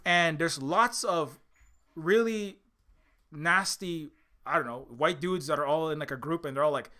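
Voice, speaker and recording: A man's voice: fairly high pitch, pushed and bright. A man ranting casually, profane and rambling, with many restarts and mocking acted-out quotes. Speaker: indie game developer and commentator. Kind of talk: casual rant.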